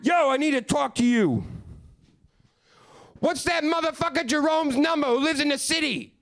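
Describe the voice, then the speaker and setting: A jittery hillbilly teen trying to act hard, his voice jumped up very high and blasting out in a shout. He fires off agitated street slang at full volume. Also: normal speed. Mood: agitated yelling. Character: antsy hillbilly teen boy acting gangster. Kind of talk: stand-up comedy impression.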